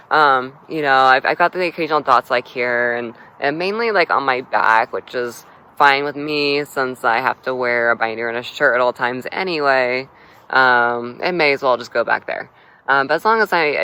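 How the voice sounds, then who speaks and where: A man's voice: medium pitch, bright, forceful tone, smooth, rough recording. A man talking casually in a video diary, rambling with lots of fillers and restarts. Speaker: vlogger.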